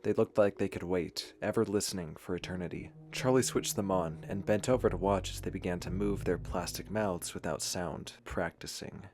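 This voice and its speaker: A man reading an audiobook with measured, even storytelling. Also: low-pitched. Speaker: audiobook narrator. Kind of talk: audiobook narration.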